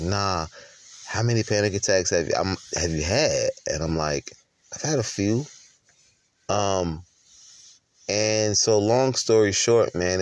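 Candid male storyteller, very low voice, dry close sound, casual monologue. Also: no room sound. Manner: candid, conversational, with frequent restarts. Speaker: husband and father.

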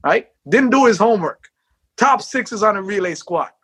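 A man, a former sprinter, telling his life story in an interview, acting out quotes and shouting at the peaks. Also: sits high, expressive, normal speed, husky.

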